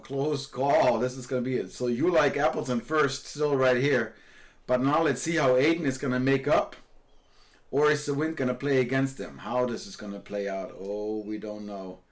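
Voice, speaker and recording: Calling virtual sailing races live, this excitable man exclaims readily and repeats himself as the boats draw near. He speaks in a mid-range voice.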